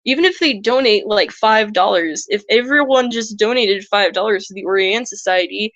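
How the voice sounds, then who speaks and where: A young woman's reptile-conservation vlog is casual and earnest, full of restarts and squeaky, high-voiced impressions of other people. Her tone is fairly bright and her pace moderate, in a dry recording with dull audio.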